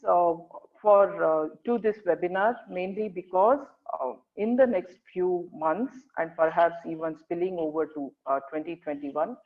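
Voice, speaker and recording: A presenter giving an earnest online career workshop, coaxing listeners and often checking in with a quick question. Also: medium pitch. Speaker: webinar presenter. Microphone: video call. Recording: tinny video-call audio.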